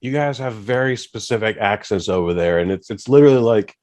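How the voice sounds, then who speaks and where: An American man hosting a casual podcast chat, animated and swearing freely. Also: lowish voice, a little fast. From United States.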